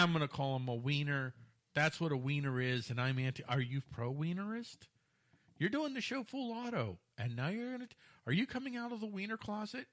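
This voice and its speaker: A man's voice: fairly high pitch, pushed and bright. A man co-hosting a casual talk show, joking and teasing while stumbling through read-aloud news. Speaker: co-host. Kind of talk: casual podcast banter.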